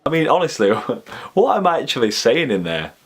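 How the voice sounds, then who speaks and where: A man's voice: mid-range voice, very animated, normal speed, fairly bright tone, slightly rough. A young man with a Yorkshire accent, chatting casually and jokily as a video host. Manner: chatty, jokey, laughs often. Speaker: YouTube host. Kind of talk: casual chat.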